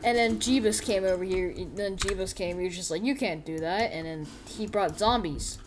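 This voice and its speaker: A woman's voice: medium pitch, moderate pace, background noise. A woman giving goofy, rambling commentary over a sandbox game, making up a story as she plays. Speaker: gameplay commentator. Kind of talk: casual gameplay commentary. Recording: keyboard typing and clicks audible.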